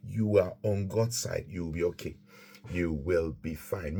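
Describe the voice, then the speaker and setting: A man's voice: sits low, measured pace, gravelly, warm tone, breathy edge. A man teaching a Christian lesson on marriage, emphatic and repetitive, quoting scripture as he preaches.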